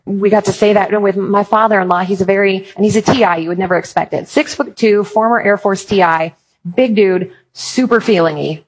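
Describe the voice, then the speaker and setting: A woman's voice: medium pitch, a little fast, low-quality recording. A woman giving a Christian talk, mixing humorous stories with advice and acting out quotes. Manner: humorous storytelling with acted quotes. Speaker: Christian speaker on apologetics. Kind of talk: conference talk.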